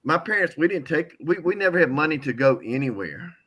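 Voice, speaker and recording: A man's voice: a little high, lively intonation, bright, forceful tone, husky. Tearful older man giving a testimony. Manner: heartfelt, repeats words, halting. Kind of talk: emotional testimony.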